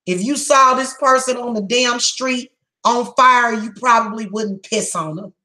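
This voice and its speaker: A woman's voice: on the high side, unhurried, bright, forceful tone, poor audio. Blunt, heated woman psychic reader. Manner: emphatic, blunt, heated and repetitive. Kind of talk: tarot reading monologue.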